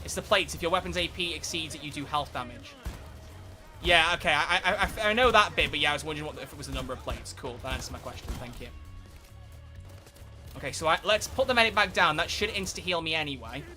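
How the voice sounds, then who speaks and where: A man giving live, excitable gameplay commentary as a streamer, swearing and bursting into shouts. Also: on the high side, quick pace, soft background music. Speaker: game streamer.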